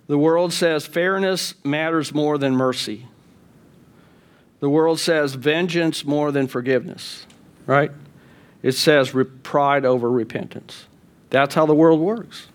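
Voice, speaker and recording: A male pastor delivers a sermon in an easy, talking-to-you style. His voice sits a little higher than most men's. He keeps checking in with his listeners through rhetorical questions. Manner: conversational preaching with frequent rhetorical questions.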